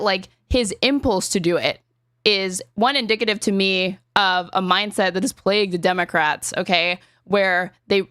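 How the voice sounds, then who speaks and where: A woman hosting a podcast, arguing politics in quick, filler-heavy speech. Her voice sits at a middle pitch. The recording is dry and close, with no room sound. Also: fairly bright tone, no room sound. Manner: rapid, argumentative, heavy on filler words and swearing. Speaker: podcast host. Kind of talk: casual political chat.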